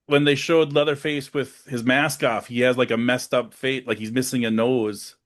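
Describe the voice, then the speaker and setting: A man's voice: medium pitch, level tone, normal speed. A young man co-hosting a casual podcast, animatedly retelling scenes and acting out characters' lines with plenty of swearing. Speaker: podcast co-host. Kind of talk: casual movie recap chat.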